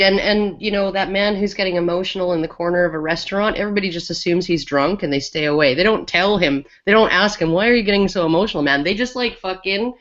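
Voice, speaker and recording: Podcast co-host, woman with a lowish voice, rambling and casual, muffled lo-fi audio. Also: fairly bright tone. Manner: chatty, many restarts and fillers. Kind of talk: casual panel chat.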